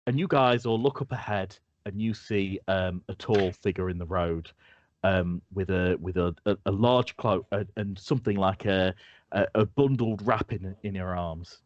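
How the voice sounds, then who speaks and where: A man's voice: deep voice, normal speed, dry recording, muffled recording. A man narrating as game master, often stumbling and restarting as he describes scenes.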